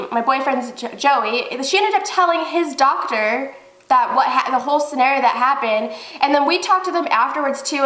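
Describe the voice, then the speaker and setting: A young woman telling a casual storytime vlog, animated and profane, acting out what people said. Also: high voice, roomy sound. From Arizona. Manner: animated, profane, acts out quotes.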